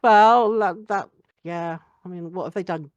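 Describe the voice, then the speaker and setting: A woman's voice: fairly low pitch, measured pace, no room sound. Blunt, sweary young woman. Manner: blunt, sweary, laughs often. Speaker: podcast guest. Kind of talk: casual podcast chat.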